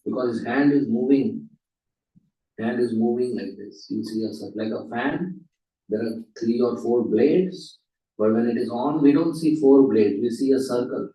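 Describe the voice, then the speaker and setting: A man's voice: mid-range voice, moderate pace, dark tone. A man telling a story dramatically as the speaker at a temple class, recorded in a roomy hall from a distance. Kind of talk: storytelling lecture.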